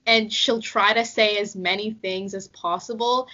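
A woman's voice: mid-range voice, steady tone, measured pace, sharp tone. A young woman chatting casually on a podcast, giggly and full of fillers. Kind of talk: casual chat. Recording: dull lo-fi sound.

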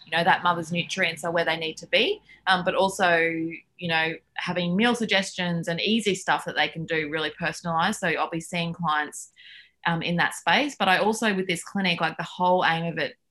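Speaking fairly quickly in a lowish voice, a nutritionist chats casually as a podcast guest. Her storytelling is lively and chatty, with many fillers throughout.

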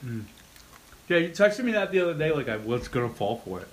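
A man's voice: a little high, sing-song, fairly quick. A young man hosting a casual chat, teasing and joking, with a slight cough. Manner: joking, teasing, does goofy voices in stories. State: has a cough.

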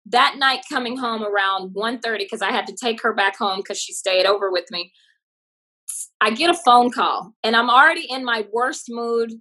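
A woman comedian from Texas telling stories in a casual interview, animated and expressive. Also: fairly high pitch, moderate pace, rough recording. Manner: animated, expressive, laughs often. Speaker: comedian guest.

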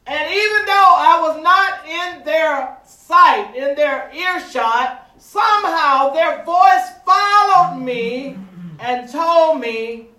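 A man preaching a sermon with call-and-response, stretching words with dramatic pauses and rising to shouts. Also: very high-pitched, expressive, distant mic. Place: church sanctuary. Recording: echoey room, voice from afar.

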